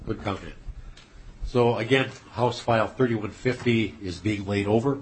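A man chairing a legislative committee hearing, brisk and procedural. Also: lowish voice, slight background noise, rough recording.

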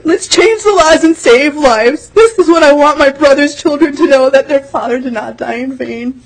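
A woman's voice: high-pitched, moderate pace, low-quality recording. A woman testifying at a legislative hearing, earnest and pleading, her voice tearful and breaking as she repeats her main points. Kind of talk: emotional public testimony.

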